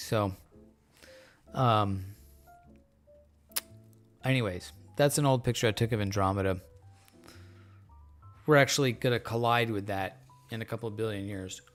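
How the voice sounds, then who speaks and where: A man hosting a casual live stream, talking in a loose, rambling way with many fillers, relaxed and joking, a little tipsy. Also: lowish voice, unhurried, pauses often. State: a bit tipsy from beer. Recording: faint music in background.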